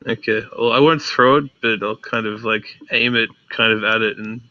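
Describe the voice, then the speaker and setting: A man's voice: lowish voice, steady tone, moderate pace, no echo, lo-fi sound. A man playing a tabletop game, asking plain questions about what his character can do. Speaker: player. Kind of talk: casual tabletop game chat.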